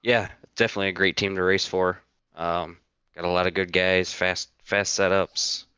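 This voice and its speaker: A man who is a sim racing driver, calmly giving short, plain answers after the race. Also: deep voice, moderate pace, clean tone, no echo. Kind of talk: post-race interview answers.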